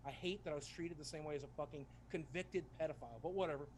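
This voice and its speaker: Man, quick talker, swears a lot, candid storytelling, faint background hiss. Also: on the high side. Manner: profane, candid, fast-talking. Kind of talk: casual storytelling.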